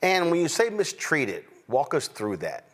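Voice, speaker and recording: A man's voice: fairly high pitch, huge pitch swings, measured pace. A man hosting a live talk show, speaking conversationally and emphatically, with frequent fillers.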